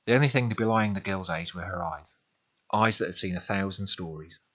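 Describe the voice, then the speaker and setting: A male narrator tells a fantasy tale with dramatic, scripted delivery. His low voice has a husky texture yet a bright, forceful edge, and faint music plays under it. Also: fairly quick, lo-fi sound. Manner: dramatic storytelling.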